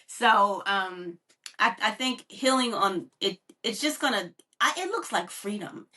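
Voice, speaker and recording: A woman podcast guest speaking candidly and haltingly, often acting out her own inner self-talk. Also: mid-range voice, lively intonation, pushed and bright, far from the mic. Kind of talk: casual testimony.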